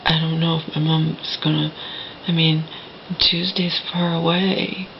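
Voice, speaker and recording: A woman's voice: low-pitched, little pitch movement, measured pace, lo-fi sound, a little hiss or hum. A woman talking straight to her viewers from a home, rambling with many restarts and dropping into a whisper at times. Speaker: vlogger. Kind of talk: personal vlog monologue. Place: indoors at a home.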